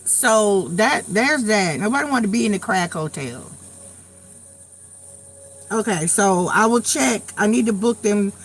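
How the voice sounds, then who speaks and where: A woman in her late forties hosting a live tarot stream, telling stories in a blunt, profane, animated way while getting over a cold. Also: mid-range voice, a little slow, slightly rough, soft background music. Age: late 40s. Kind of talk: casual live chat.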